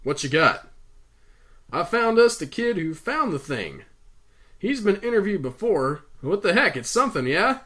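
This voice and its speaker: A man's voice: on the high side, very animated, measured pace, sharp tone, heavily acted. A man voicing an easygoing, helpful male cameraman with a folksy, wobbly attempt at a Southern drawl. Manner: folksy, slipping in and out of a put-on accent.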